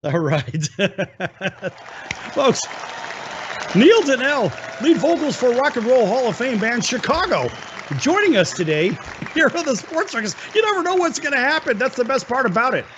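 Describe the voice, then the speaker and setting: A man's voice: very high-pitched, big pitch swings, a crowd in the background, noisy background. A man hosting a sports talk show, introducing his guest with enthusiastic, promotional patter. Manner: enthusiastic, promotional, quick asides. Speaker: host. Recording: slightly dull lo-fi sound.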